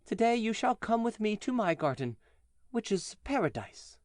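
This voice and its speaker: A man voicing a small, gentle, loving boy in a storybook reading, with a raised, soft, calm voice. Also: high-pitched, normal speed, no echo, clean studio sound, pitched above the performer's own voice.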